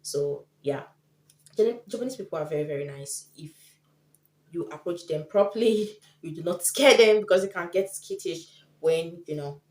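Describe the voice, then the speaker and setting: A chatty woman vlogger talking casually to camera, her voice slightly low and mellow. She acts out the people she quotes. The room around her sounds echoey. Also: moderate pace. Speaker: vlogger giving tips.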